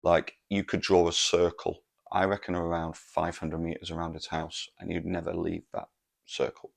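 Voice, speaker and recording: A man's voice: low voice, monotone, moderate pace, creaky. A man, telling a rambling, sweary story on his podcast. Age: 40s. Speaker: podcast host. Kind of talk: casual storytelling monologue.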